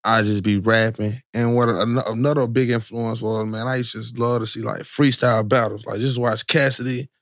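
A man's voice: medium pitch, little pitch movement, fairly quick, few pauses, fairly bright tone, dry recording, studio quality. Laid-back Atlanta man telling stories. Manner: laid-back, slangy, repeats "you feel me". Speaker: guest rapper. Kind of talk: casual storytelling. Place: podcast studio. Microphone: studio mic.

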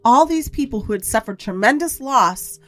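A woman with a fairly high voice hosts a personal podcast monologue. She speaks with blunt, emphatic candor and drives her points home through repetition. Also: lively intonation, normal speed. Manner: candid, emphatic storytelling with repetition; blunt, occasionally swears. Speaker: podcast host.

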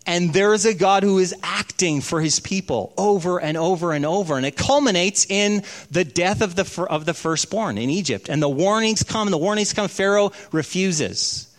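A man preaching a sermon, telling stories and slowing down for emphasis. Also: high-pitched. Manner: storytelling, slows down for emphasis. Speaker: pastor.

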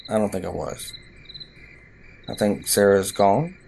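A man slowly telling a personal story, pausing and hesitating as he reflects. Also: on the low side, creaky, a little mellow, a little hiss or hum. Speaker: storyteller guest.

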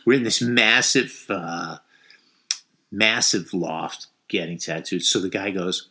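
A man's voice: low-pitched, takes it slowly, pushed and bright. A middle-aged man from the New York area telling a rambling story in casual chat, full of fillers and swearing.

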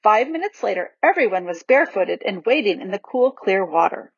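A woman reading a children's novel aloud in a lively, expressive storybook narration, in a dull, dry recording. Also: mid-range voice, a little fast, slightly rough, no echo. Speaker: audiobook reader.

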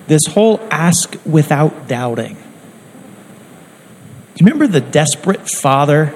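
A man's voice: on the high side, lively intonation, slow pace, darkish tone, slight background noise, rough recording. A man preaching a sermon in an earnest, conversational way, acting out quotes as he goes.

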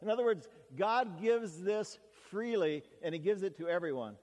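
A man with a somewhat high voice preaches a sermon. He is earnest and measured, pausing often as he reads scripture and explains it. His voice carries a long reverb, as if in a large hall. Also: expressive, a little mellow. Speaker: pastor.

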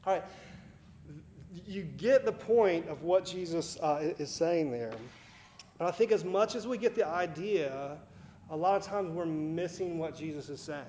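High-voiced pastor in an echoey room. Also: male voice, a little slow, a little mellow, slight background noise. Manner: conversational, many fillers and restarts, light laughs. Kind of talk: casual sermon.

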